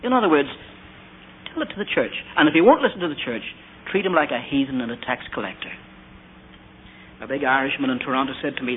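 A man's voice: medium pitch, expressive, fast, long pauses, a little hiss or hum. A man preaching a sermon, telling stories and asking rhetorical questions. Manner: storytelling with quoted asides and rhetorical questions. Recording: tinny phone-like old recording.

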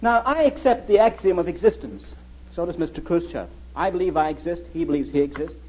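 A man's voice: a little high, brisk. A middle-aged man giving a public lecture as a historian, telling stories and asking his audience rhetorical questions. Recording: dull lo-fi old recording.

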